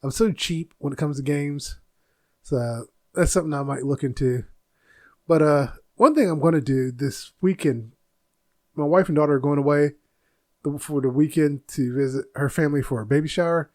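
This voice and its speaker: A man's voice: fairly high pitch, moderate pace, warm tone, no room sound, clean studio sound. A middle-aged man hosting a casual solo podcast from his home office, rambling and easily sidetracked, laughing at his own stories. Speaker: podcast host.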